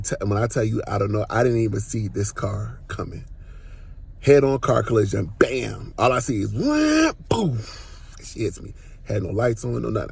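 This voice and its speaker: A man with a gravelly, husky voice tells a personal testimony on his podcast. He talks casually and with animation, dropping slang and acting out sudden exclamations. His delivery is loose and conversational. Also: on the low side, a little mellow. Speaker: podcast host.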